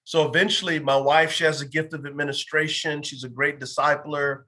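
A bright, forceful man's voice, pitched a little high, tells his own story with earnest conviction. He is a pastor in his fifties, speaking in an interview and slipping into quoted dialogue as he goes. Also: little pitch movement, fairly quick. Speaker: pastor and former pro football player. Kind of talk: personal faith testimony in an interview.

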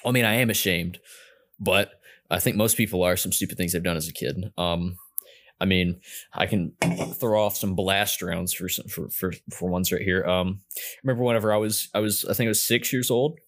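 A man's voice: sits low, moderate pace, a bit bright. A young man telling a story in casual chat, rambling and self-mocking with lots of fillers and restarts.

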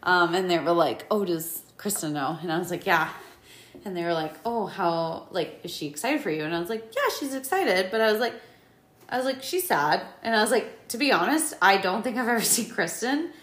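An animated young woman chatting on a home podcast, her pitch leaping around as she acts out who said what. Her voice rings in a roomy, echoey space. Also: a little fast. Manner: animated, swears freely, acts out quoted talk. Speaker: podcast co-host. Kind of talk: casual chat. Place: home room.

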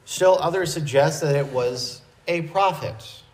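Man teaching Scripture in an echoey room. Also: fairly high pitch. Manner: measured, explanatory, with small restarts. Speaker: preacher. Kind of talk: verse-by-verse Bible teaching.

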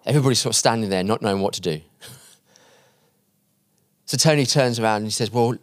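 Male preacher at a conference, mid-pitched, dry close mic, storytelling sermon that goes soft at the moving parts. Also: no room sound. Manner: acts out quoted voices in the story; drops quiet and slow at emotional points. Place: conference hall.

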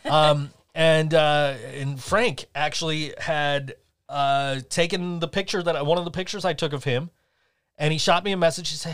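A man's voice: fairly high pitch, fairly even intonation, moderate pace, fairly bright tone, clean tone. A man co-hosting a podcast in casual chat, rambling, swearing freely and laughing often. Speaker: podcast co-host.

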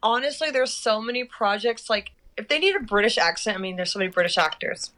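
A woman's voice: fairly high pitch, lively intonation, pushed and bright. A young adult woman, a guest actress, chatting bubbly and giggly on a podcast. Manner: bubbly, giggly, quick asides. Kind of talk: casual podcast chat.

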